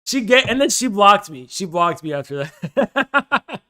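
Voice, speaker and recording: A man's voice: sits high, sing-song, measured pace, bright, forceful tone. A man livestreaming, talking in a heated, profane rant to his chat. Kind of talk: ranting livestream talk.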